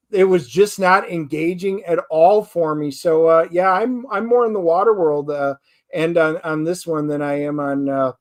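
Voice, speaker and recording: High-voiced man chatting about films. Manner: animated storytelling, quotes himself and his wife. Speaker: guest. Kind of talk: casual chat about movies.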